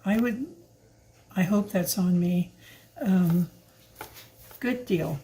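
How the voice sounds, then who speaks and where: A woman's voice: on the low side, slow, dark tone, slight background noise, rough recording. Chatty older woman cooking at home. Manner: chatty, rambling, with fillers and asides. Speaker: home cook filming a recipe video. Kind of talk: casual cooking demonstration. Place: home kitchen.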